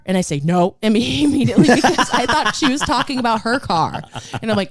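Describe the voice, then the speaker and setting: A woman co-hosting a podcast, telling a story in a rambling, animated way full of fillers. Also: fairly low pitch, fairly quick, no room sound, clean studio sound. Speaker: podcast co-host. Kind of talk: casual storytelling chat.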